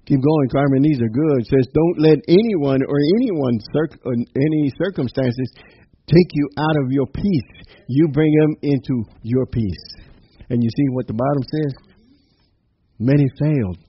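Quoting scripture and dropping in frequent amens and laughs, a man delivers a casual, cheerful devotional sermon. He speaks at a medium pitch with a breathy edge, and the recording is dry yet slightly dull and lo-fi, with faint noise.

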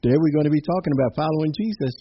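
A man's voice: on the high side, rapid-fire, muffled recording, a little hiss or hum. A man preaching an informal, exuberant sermon, peppering his talk with amens and little laughs.

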